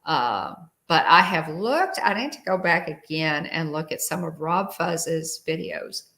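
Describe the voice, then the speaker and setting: Chatty woman with gravelly voice. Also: sits low, animated, unhurried, fairly bright tone. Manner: chatty, reads trivia aloud and greets viewers. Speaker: livestream host. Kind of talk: casual livestream chat.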